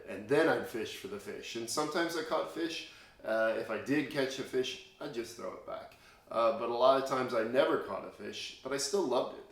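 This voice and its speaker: A man from Indiana telling a Bible story to children in a chatty, storytelling way with plenty of fillers and restarts. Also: medium pitch. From Indiana, USA. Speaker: children's chapel speaker. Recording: echoey room.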